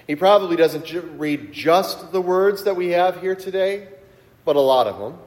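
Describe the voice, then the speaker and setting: A man's voice: high voice, normal speed, a little mellow, in a large hall. A man preaching a sermon as pastor, in a conversational storytelling way that builds to emphatic peaks. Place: church sanctuary.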